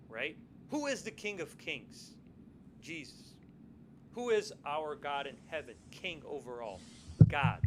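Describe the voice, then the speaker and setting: A high-pitched man co-hosts a podcast, telling a story casually and acting out what people said. He keeps checking in with "right?" as he goes. A faint hum of room noise sits behind him. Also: poor audio. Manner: animated, repeats "right?" often; acts out quoted lines in the story. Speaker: podcast co-host.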